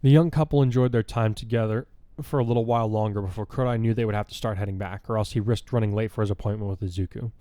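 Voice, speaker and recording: Brisk male fan story narrator. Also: on the low side, fairly even intonation, dark tone, dry recording. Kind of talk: fan fiction reading.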